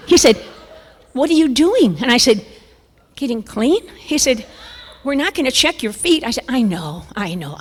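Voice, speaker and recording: Speaking at a church conference, an older woman tells a funny story and acts out the dialogue, her voice suddenly jumping up and down to whispers. Her voice is on the high side, and the church sanctuary gives the recording a long hall reverb.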